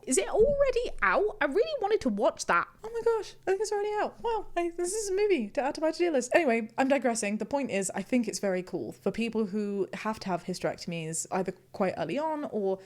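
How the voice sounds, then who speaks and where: A woman's voice: fairly high pitch, big pitch swings, fast talker, hardly any pauses. A woman hosting a casual reaction vlog, reading posts aloud and laughing often between remarks. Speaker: YouTuber host.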